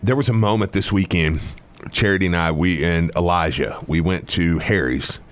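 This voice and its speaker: A man's voice: low voice, normal speed. A man co-hosting a podcast, chatting casually and rambling through stories. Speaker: podcast co-host. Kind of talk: casual chat.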